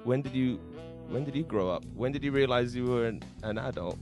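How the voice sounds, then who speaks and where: A man's voice: medium pitch, a little fast, music in the background. A British man co-hosting a comedic radio show, playful and giggly, with theatrical introductions. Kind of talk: casual comedic chat.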